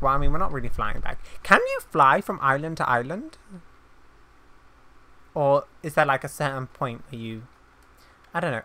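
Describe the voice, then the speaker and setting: Chatty low-voiced woman gamer. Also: sing-song, moderate pace, pauses often, pushed and bright. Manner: chatty, giggly, rambling. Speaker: gaming channel host. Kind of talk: casual gameplay commentary.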